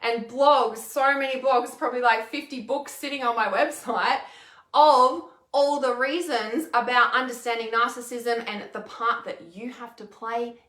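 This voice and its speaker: A woman's voice: a little high, fairly even intonation, moderate pace, a bit bright, reverberant. A woman in her thirties chatting casually on a livestream as a healer and mentor, candid, laughing often and swearing freely. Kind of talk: casual livestream chat reading comments.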